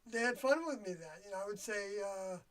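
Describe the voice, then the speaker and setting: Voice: medium pitch, animated, fairly bright tone. Older livestreamer rambling, distant mic. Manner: halting, searching for words, trailing phrases; reflective and confiding. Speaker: livestream host. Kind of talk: rambling solo livestream monologue.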